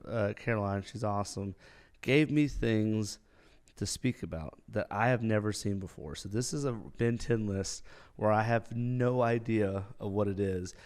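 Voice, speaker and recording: A man's voice: lowish voice, clear, resonant tone. Chatty man hosting a podcast. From Dahlonega, Georgia, US. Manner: rambling, chatty storytelling with filler words. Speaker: podcast host. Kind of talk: casual solo podcast chat.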